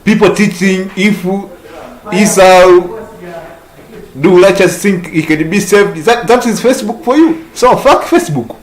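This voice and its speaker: A man's voice: high-pitched, measured pace, low-quality recording. A man with an East African accent street preaching, laughing often, crude and repetitive as he scolds his listeners.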